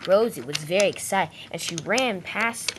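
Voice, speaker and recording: A woman's voice: fairly low pitch, lively intonation, normal speed, noisy background. A woman narrating a storybook-style toy train adventure, reading steadily with small restarts.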